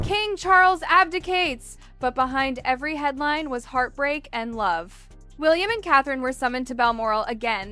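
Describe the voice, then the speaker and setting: A woman narrates a dramatic story in a measured, scripted way. Her voice is high, bright and smooth, with faint music playing behind.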